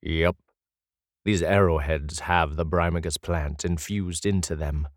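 A man voicing a calm, firm male rescuer in an audiobook, measured in manner. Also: low-pitched, dry recording, studio quality. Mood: grave. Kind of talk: audiobook character voice.

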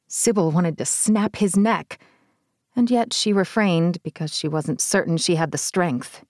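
Woman, audiobook narrator, measured reading, lowish voice, dry close sound. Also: darkish tone, no echo. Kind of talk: scripted fiction narration.

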